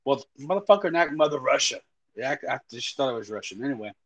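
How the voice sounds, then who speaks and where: A man's voice: medium pitch, animated, fast talker, a bit bright, highs cut off. A man, co-hosting a casual podcast chat in a crude, blunt way, swearing heavily. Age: 30s. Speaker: podcast co-host.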